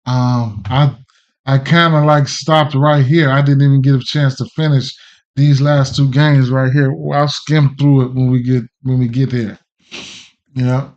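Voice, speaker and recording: A relaxed man hosts a betting livestream and talks in a loose, slangy ramble, greeting viewers by name as he goes. His voice sits at an ordinary pitch. The stream audio is a little dull and lo-fi. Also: measured pace. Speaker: sports betting podcast host. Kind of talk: casual livestream chat.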